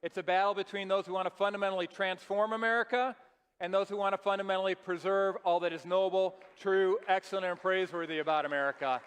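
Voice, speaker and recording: A man's voice: sits high, steady tone, fast talker, fairly bright tone, smooth, long reverb tail. A man wrapping up his presentation at a live event, earnestly urging the audience to share what they learned. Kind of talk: closing remarks at a live event.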